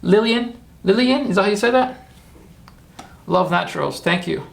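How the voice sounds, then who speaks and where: A man's voice: sits high, expressive, moderate pace, gravelly, a bit bright. A man hosting a casual livestream, chatty and rambling as he talks viewers through his steps and cheers them on. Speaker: livestream host.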